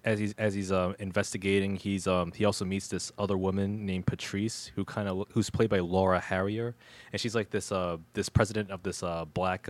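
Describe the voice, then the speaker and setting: A man co-hosting a casual podcast, reviewing a movie in a rambling, slangy way with lots of restarts. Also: fairly low pitch. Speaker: podcast co-host.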